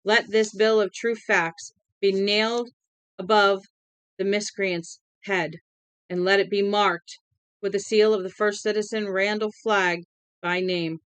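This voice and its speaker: A woman voicing a man who reads out an official order in a high, fast, auctioneer-like voice. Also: level tone, a bit bright, smooth, no echo. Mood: shrill proclaiming. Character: shrill male herald reading a death order.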